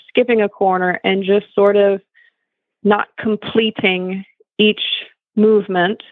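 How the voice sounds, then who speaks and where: Female judge-trainer guest, measured and deliberate delivery, dry phone-line sound. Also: medium pitch, dry recording. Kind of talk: casual radio show chat.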